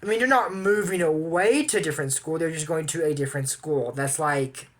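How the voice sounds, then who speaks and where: A man's voice: a little high, fairly quick. A young man from Amarillo, Texas, chatting casually as he reviews a cartoon episode. He rambles and adds apologetic asides. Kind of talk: casual commentary.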